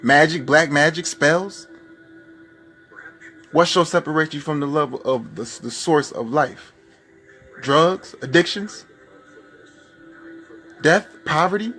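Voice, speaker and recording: A man's voice: fairly high pitch, slow, long pauses, a bit bright, soft background music. A man preaching a spoken-word sermon, firing off fervent rhetorical questions.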